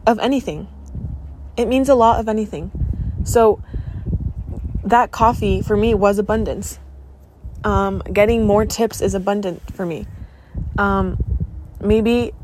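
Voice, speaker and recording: Chatty teenage woman, excitable. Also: mid-range voice, slight background noise. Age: late teens. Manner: chatty and excitable, many fillers, swears casually. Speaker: podcast host. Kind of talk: casual chat.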